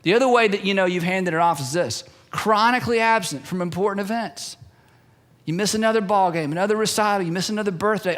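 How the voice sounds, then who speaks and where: Male pastor, higher-pitched voice, emphatic sermon delivery with repeated phrases. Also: expressive, fairly quick, a bit bright. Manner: repetitive, emphatic preaching with acted-out quotes.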